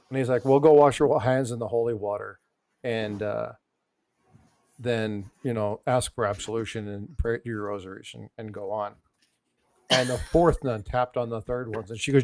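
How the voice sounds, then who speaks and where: A man's voice: medium pitch, steady tone, moderate pace, darkish tone, no echo. Rambling man telling a joke, dry sound. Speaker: coin channel host. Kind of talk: casual chat.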